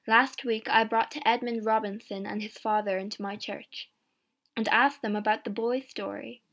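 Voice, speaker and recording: A woman voicing a gentle, quiet male churchman in an audiobook story. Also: fairly high pitch, little pitch movement, moderate pace. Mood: earnest. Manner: soft and quiet.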